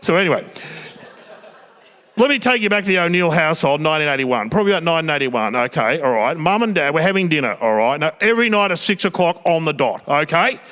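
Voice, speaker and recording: Animated Australian man doing stand-up. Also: on the high side, fast talker, hardly any pauses. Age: 50s. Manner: animated storytelling, swearing, acting out family dialogue. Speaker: stand-up comedian. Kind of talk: stand-up routine. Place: theatre stage before a live audience.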